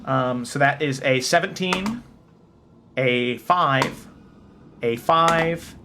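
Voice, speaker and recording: A man narrating a tabletop game as game master, briskly calling rolls and damage. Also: fairly high pitch, noisy background. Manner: brisk narration, rolling dice aloud.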